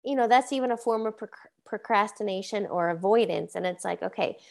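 Woman, interview host, coach, mid pitch, enthusiastic, affirming. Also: brisk, creaky, few pauses, a little mellow. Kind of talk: casual interview conversation.

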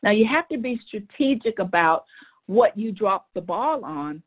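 A middle-aged woman, a guest on a show, telling a personal story in an animated way, often repeating words as she starts a sentence. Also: medium pitch, a little slow, husky. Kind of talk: conversational storytelling. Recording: tinny phone-like line.

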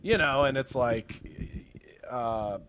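A man's voice: mid-range voice, lively intonation, slow, fairly bright tone, a little hiss or hum. A man joining a podcast by remote call as a comic guest, laid-back with crude jokes. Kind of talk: casual podcast chat.

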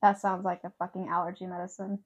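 A woman's voice: on the low side, flat delivery, fast, husky, muffled recording. A woman co-hosting a casual podcast chat, blunt and swearing freely. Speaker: podcast co-host.

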